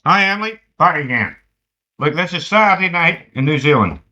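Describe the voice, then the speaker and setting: A man's voice: a little high, sing-song, a little fast, pushed and bright, slight background noise. A Scottish man rambling and joking through a spoken letter to family at home. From Scotland. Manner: rambling, joking, self-mocking. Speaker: cassette letter writer. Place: home living room with friends. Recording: dull lo-fi home cassette.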